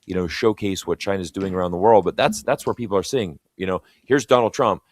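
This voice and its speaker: Canadian-accented man co-host, very low voice, rapid rambling opinions, dry close mic. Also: no room sound. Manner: rambling, many "you know" fillers, opinionated. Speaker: co-host of a live talk stream. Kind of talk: casual political chat.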